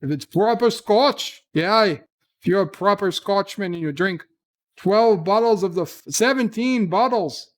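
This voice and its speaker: A man's voice: high voice, a little slow. A man voicing a boisterous Scottish man who swears by a whiskey-and-haggis cure for everything, with a put-on Scottish accent and a crude, rambling manner. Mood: blustery.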